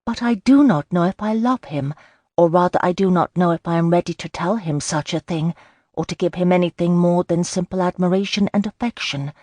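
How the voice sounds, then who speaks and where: A woman's voice: fairly low pitch, brisk, mellow, no echo, pitched above the performer's own voice, lightly acted. A woman voicing a frank, fretful young Regency bride in an audiobook, talking in an earnest, somewhat defensive way. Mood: uncertain. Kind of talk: audiobook character voice.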